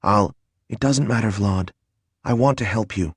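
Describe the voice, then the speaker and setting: A man reading a hushed, anxious young man. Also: lowish voice, moderate pace, breathy edge, dry recording, clean studio sound. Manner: hushed, worried. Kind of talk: audiobook character voice.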